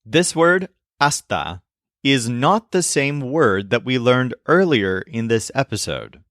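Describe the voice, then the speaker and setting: A man narrating a scripted language lesson with a lively, rising-and-falling voice. He explains things clearly and slows down for each example. The recording is dry and close, with no room sound. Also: mid-range voice, dry recording. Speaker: language teacher.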